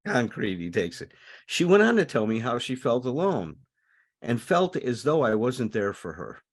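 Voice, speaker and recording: A man speaking in a recovery group, reading a passage aloud and commenting on it in an earnest, animated way. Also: medium pitch, moderate pace.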